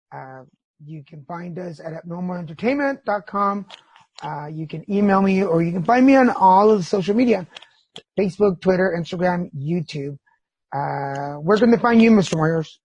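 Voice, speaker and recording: A middle-aged man hosts a casual podcast chat with a husky, breathy voice. He tells candid stories with plenty of feeling and swears freely. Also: high-pitched, animated, normal speed, darkish tone, dry recording. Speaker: podcast host.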